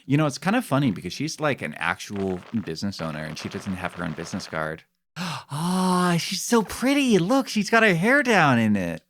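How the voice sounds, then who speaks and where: A man streaming a video game, chatting casually and getting excitable, his voice jumping up when amused. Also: moderate pace, a little hiss or hum. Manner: excitable, jumps high when amused or surprised. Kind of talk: casual live-stream chat while playing a game.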